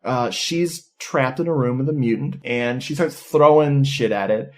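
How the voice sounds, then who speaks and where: A man co-hosting a podcast, retelling a movie's plot in an excited, profane, casual way. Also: medium pitch, normal speed. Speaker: podcast co-host. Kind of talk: casual movie review chat.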